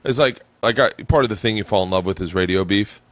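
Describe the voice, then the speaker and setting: A man hosting a podcast, chatting in an animated, profane way and laughing often. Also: lowish voice, quick pace, dry recording. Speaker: podcast host. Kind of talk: casual podcast chat. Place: home podcast room.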